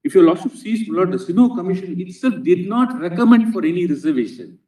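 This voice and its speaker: A man's voice: high voice, animated, fairly quick, mellow. A man with an Indian English accent arguing a legal case before a bench in a courtroom, earnestly addressing the judges as "Lord" before nearly every phrase. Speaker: advocate. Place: large courtroom. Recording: echoey courtroom, distant mic.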